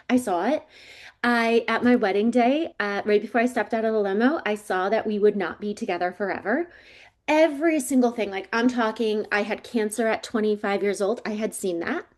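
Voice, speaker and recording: In an interview, a woman in her forties recounts her life as a psychic coach, keeping things casual and chatty. When she quotes other people, she slips into lively voices. Her pitch sits in the medium range.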